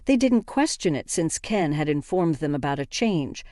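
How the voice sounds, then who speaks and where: A woman's voice: low-pitched, big pitch swings, moderate pace, a little mellow, no room sound, clean studio sound. A woman narrating a first-person story in a conversational, indignant way.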